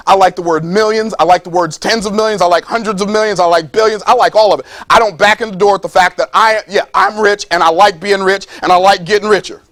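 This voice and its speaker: A man's voice: high-pitched, a bit bright, dry recording. A man preaching to a live audience, emphatic and playful, repeating phrases and acting out quoted voices. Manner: emphatic, repeats phrases, reads scripture slowly. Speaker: speaker at a business seminar. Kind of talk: preaching-style motivational talk.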